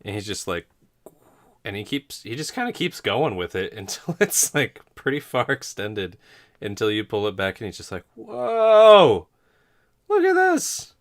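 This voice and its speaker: A man's voice: on the low side, lively intonation, normal speed, fairly bright tone. A man narrating a tabletop game as game master, rambling with frequent laughs and stumbles over words.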